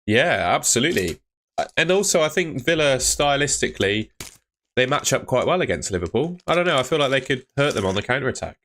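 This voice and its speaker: A man's voice: medium pitch, big pitch swings, a little fast, a bit bright. A man hosting a casual live stream, chatting and answering viewers' questions, often calling them mate.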